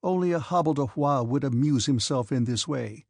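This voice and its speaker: Stern proud young prince, man reading him, sharp and indignant, husky voice. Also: medium pitch, normal speed, dry recording, clean studio sound. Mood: scornful.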